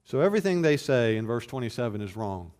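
A man preaching an expository sermon, building from steady explanation to loud emphatic bursts, with frequent restarts. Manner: rises to loud emphatic bursts, then drops low and slow; repeats words in restarts. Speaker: pastor.

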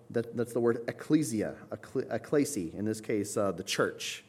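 A man preaching an expository sermon, explaining as he goes and often checking in with "right?", his voice building to loud, emphatic passages. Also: lowish voice, lively intonation, moderate pace, hardly any pauses, husky.

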